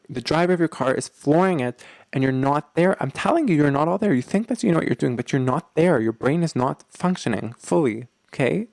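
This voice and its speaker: A man's voice: mid-range voice, no room sound. A man hosting a relationship-advice podcast, talking earnestly with many fillers and frequent "okay?" check-ins. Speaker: podcast host.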